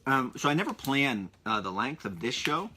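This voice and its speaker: Man, solo podcast host, casual rambling monologue, bright tense tone, mid pitch. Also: very animated, moderate pace, slight background noise. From Pennsylvania. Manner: rambling and chatty, stalls with restarts and asides.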